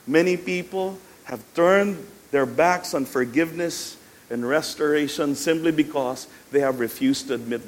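A man with a Filipino accent preaching a sermon, swinging between loud emphasis and hushed lines and slipping Tagalog phrases into his English. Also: medium pitch. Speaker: pastor.

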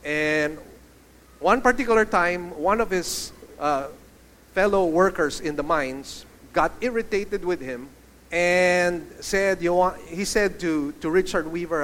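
An animated male pastor delivers a sermon, his voice sitting a little high for a man. He asks the congregation questions as he goes. A faint background hum of the room is heard behind him. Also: slow pace.

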